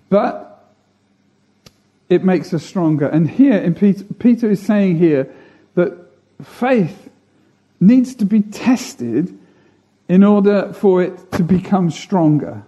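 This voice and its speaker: A man's voice: high-pitched, expressive, takes it slowly, long pauses, mellow, highs cut off. A man preaching a sermon, earnest, building emphasis through repeated phrases.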